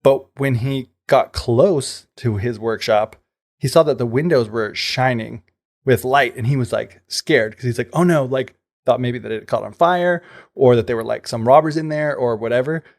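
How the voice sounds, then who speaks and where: A man with a gravelly, creaky voice retells an old tale on a podcast. He keeps it loose and conversational, padding his story with fillers and paraphrasing what the characters say. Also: medium pitch, moderate pace. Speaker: podcast co-host. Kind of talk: casual retelling of a folk tale.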